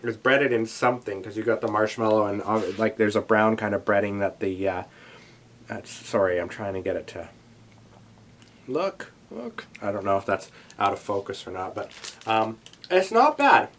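A man's voice: fairly low pitch, moderate pace, slight background noise. A young man vlogging a taste test, talking in a rambling, chatty way with many asides. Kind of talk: casual chat to camera.

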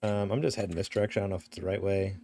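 A man's voice: low voice, little pitch movement, very fast, gravelly, mellow, dry recording, soft background music. A young man from upstate New York, chatting casually as he streams a game and reads signs aloud. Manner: chatty, narrates what he reads and does. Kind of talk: casual gameplay chat.

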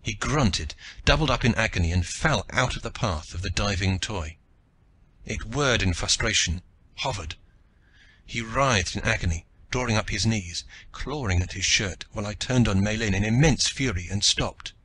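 A man narrating an audiobook in the first person with steady, forceful storytelling. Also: fairly low pitch, normal speed, slightly rough.

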